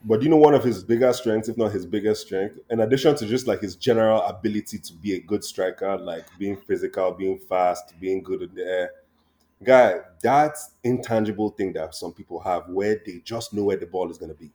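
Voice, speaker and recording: Lower-voiced man telling a football story. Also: brisk. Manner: animated storyteller, swears, laughs at own story. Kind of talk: casual football chat.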